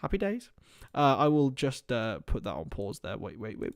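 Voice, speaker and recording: A man's voice: medium pitch, huge pitch swings, moderate pace, dry recording, clean studio sound. A young man hosting a casual football watchalong stream, joking and chatting to viewers as lads. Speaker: livestream host.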